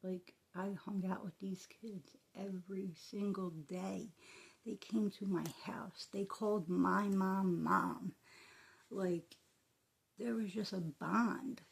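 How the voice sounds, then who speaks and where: A woman telling a personal story in a soft, halting, emotional way, often dropping into a breathy whisper. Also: mid-range voice, fairly even intonation. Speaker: vlogger.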